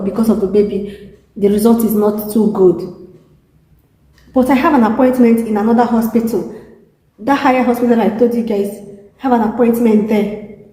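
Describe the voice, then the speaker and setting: A young Nigerian woman with a Nigerian accent talks to her viewers from a hospital room, tearful and exhausted. Her voice is mellow and dark, and she keeps circling back over the same words in a weary, pleading way. The room is echoey, with a lingering reverb. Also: a little high. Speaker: vlogger. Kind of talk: emotional video diary.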